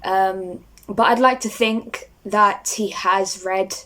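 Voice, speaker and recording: Young woman, vlogger, casual rambling chat, mid-pitched voice. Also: fairly even intonation, takes it slowly, pushed and bright. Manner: rambling, starstruck, many fillers. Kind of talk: casual talk to camera.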